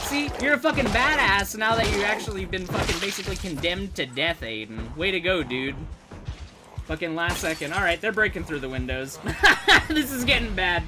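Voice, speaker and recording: A man streaming his gameplay live, excitable and foul-mouthed, shouting and laughing at the game while talking straight to his viewers. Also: high voice, normal speed, over loud music.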